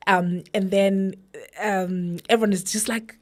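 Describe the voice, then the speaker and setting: Her mid-range voice is steady and a little mellow, and she takes her time. This Zimbabwean podcast co-host spins a long story in relaxed conversation, regularly asking "right?" and adding "you know."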